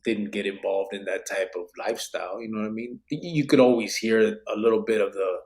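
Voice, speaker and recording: A man's voice: fairly low pitch, a little fast, darkish tone. A man hosting a podcast, reading live comments in casual chat, laughing often and dropping Spanish slang. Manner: laid-back, laughs often, drops Spanish and barrio slang. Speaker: podcast host.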